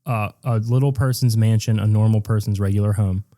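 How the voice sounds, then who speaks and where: A man's voice: lowish voice, steady tone, fairly quick, dark tone. A man co-hosting a podcast, casually and crudely recapping a movie and acting out characters' lines. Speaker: podcast co-host.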